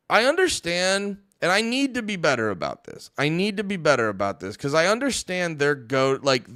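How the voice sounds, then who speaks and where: A man's voice: mid-range voice, fairly bright tone, clean tone, no echo, clean studio sound. A young man hosting a livestream, ranting and swearing heavily as he talks back to his chat. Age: young adult. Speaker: livestream host. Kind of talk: casual stream commentary reacting to chat.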